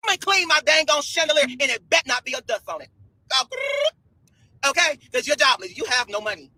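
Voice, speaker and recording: A man's voice: very high-pitched, animated, a little fast, pushed and bright, no room sound, rough recording. A man ranting on a livestream in a sassy, scolding way, repeating himself. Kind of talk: livestream rant.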